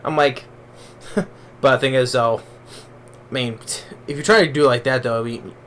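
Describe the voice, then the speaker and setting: Male movie reviewer, mid-pitched, loose rambling delivery full of restarts, faint background noise. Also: normal speed, fairly bright tone. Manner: rambling, with many restarts and fillers. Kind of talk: casual spoken movie review.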